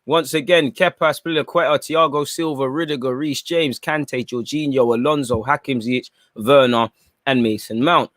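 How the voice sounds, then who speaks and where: A man's voice: mid-range voice, steady tone, moderate pace, a bit bright, no room sound, clean studio sound. A young man giving chatty live commentary during a football watchalong stream and reacting to viewer comments.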